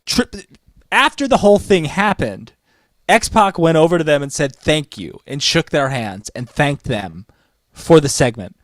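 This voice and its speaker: Animated, argumentative man, dry close sound. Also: on the high side, unhurried, no echo. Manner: argumentative, emphatic, swears freely. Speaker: podcast co-host. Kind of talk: casual chat.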